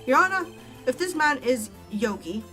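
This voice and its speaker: An earnest young defense lawyer pressing his case in plain, determined words, as a woman reads him during a playthrough. Her high, bright voice bounces around, with faint music in the background. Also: big pitch swings, normal speed, heavily acted.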